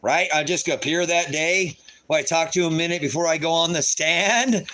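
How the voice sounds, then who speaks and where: On his livestream, a man rants angrily while reading court papers aloud, swearing and repeating himself. His voice is a little high, pushed, and bright, at a normal speed.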